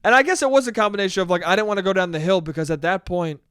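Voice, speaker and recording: Rambling, profane young podcast host. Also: male voice, high voice, racing, a bit bright, smooth, no echo, clean studio sound. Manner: rambling, profane, self-mocking. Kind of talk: casual solo podcast monologue.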